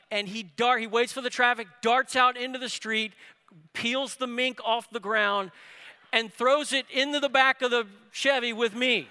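High bright-voiced man preaching in a hall. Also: clear, resonant tone. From New Orleans area. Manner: storytelling with rising excitement. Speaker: pastor. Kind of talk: sermon. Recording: reverberant hall.

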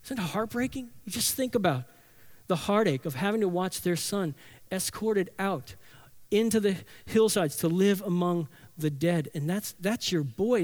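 Male pastor mid-sermon, higher-pitched voice, earnest emphatic delivery with rhythmic repetition. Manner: earnest, emphatic, builds with repeated phrases.

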